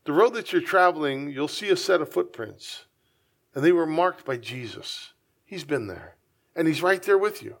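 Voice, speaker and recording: A man's voice: high-pitched, fairly bright tone. A man pastor preaching a conversational sermon, breaking into acted-out asides.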